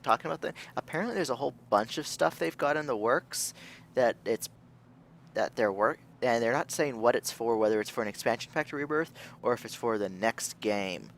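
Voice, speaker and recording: A man's voice: medium pitch, expressive, brisk, vocal fry, a bit bright, slight background noise. A young man giving casual, rambling let's-play commentary as a gaming video host, thinking aloud and restarting his sentences.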